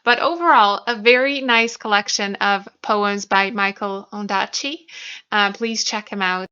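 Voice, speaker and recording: Chatty book vlogger lady, bright crisp voice, kinda dull lo-fi sound. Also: mid-range voice, measured pace. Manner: chatty, self-conscious, many fillers and restarts. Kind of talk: casual chat. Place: small room at home.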